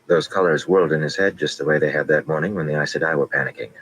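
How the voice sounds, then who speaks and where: A man narrating a fantasy audiobook with steady, measured reading. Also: a bass voice, a little hiss or hum, poor audio.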